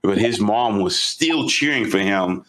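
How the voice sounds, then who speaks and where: Low-voiced man telling a gaming story. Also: a little slow. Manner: animated, retelling with excitement. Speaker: podcast co-host. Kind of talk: casual storytelling chat.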